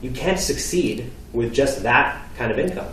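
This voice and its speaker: A man's voice: medium pitch, animated, unhurried, fairly bright tone, a little hiss or hum. A man playing his strict immigrant father with a put-on accent, scolding. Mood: incredulous. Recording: echoey hall, distant mic.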